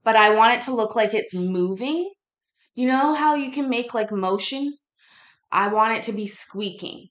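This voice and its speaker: A woman's voice: a little high, measured pace, reverberant. A woman hosting with joking asides who sometimes breaks into off-tune singing. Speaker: host judging the case. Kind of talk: comic asides.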